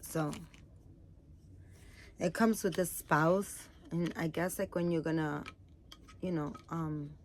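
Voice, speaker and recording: A tired woman talks casually to her viewers, rambling with plenty of fillers. Her voice sits a little low, and a faint room ambience hums behind her. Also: fairly even intonation, takes it slowly, long pauses, a little hiss or hum. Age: adult, has a daughter. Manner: chatty, rambling, many fillers. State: tired, yawning. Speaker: vlogger showing baby doll items. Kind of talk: casual chat to camera.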